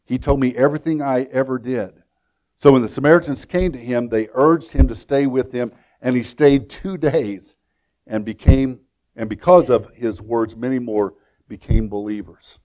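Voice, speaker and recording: A man's voice: medium pitch, normal speed. Man preaching a storytelling sermon. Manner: storytelling with frequent repetitions and restarts, swinging from loud to hushed. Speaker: pastor.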